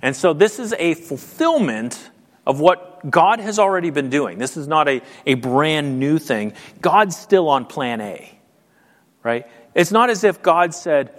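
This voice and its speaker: A man's voice: fairly high pitch, animated, a little slow. A man preaching a sermon in a conversational way, with frequent ums and rhetorical questions. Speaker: pastor. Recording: long hall reverb.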